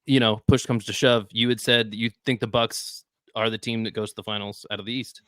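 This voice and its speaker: A man's voice: on the low side, steady tone, brisk, a bit bright, no echo. A man co-hosting a casual basketball chat, answering with short dry quips. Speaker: basketball podcast co-host.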